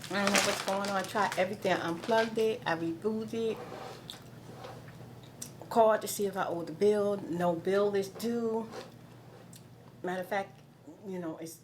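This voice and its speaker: Middle-aged woman vlogging, rambly and kinda exasperated, average pitch, noisy background hiss. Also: normal speed, long pauses. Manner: chatty and rambling, exasperated asides. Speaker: vlogger host. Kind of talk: casual chat. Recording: noticeable background noise.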